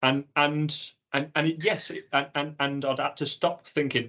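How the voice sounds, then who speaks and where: A man co-hosting a podcast, telling his own experience in an earnest, animated way. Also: a little high, normal speed, few pauses. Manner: earnest, animated storytelling with acted-out inner dialogue. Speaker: podcast co-host. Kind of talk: casual chat.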